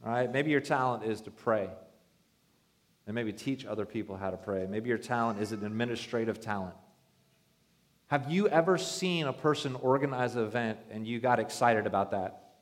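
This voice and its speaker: A man's voice: medium pitch, moderate pace. A male pastor preaching a sermon in a conversational, joking way, acting out quoted voices.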